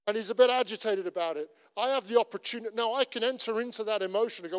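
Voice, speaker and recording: A man's voice: high voice, fast talker, few pauses, smooth. A middle-aged man with a Cornish accent, a pastor preaching a sermon in an earnest, conversational way with lots of repetition. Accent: Cornish English. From Cornwall. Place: church. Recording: long reverb of a church hall.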